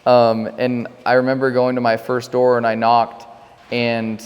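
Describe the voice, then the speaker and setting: A man's voice: medium pitch, monotone, measured pace, clean tone, in a large hall, dull audio. A young man telling a story in casual podcast chat, full of fillers like "like", rambling. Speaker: podcast co-host, solar sales rep.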